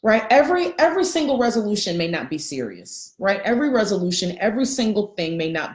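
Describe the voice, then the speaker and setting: A middle-aged woman giving an animated live coaching talk, greeting viewers by name. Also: medium pitch, fast talker, few pauses, reverberant. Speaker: life coach.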